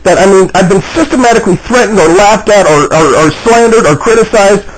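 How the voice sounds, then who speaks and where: A man talks agitatedly to the camera in a personal video monologue, repeating himself and restarting often. His voice is high-pitched and brisk, and the recording quality is low.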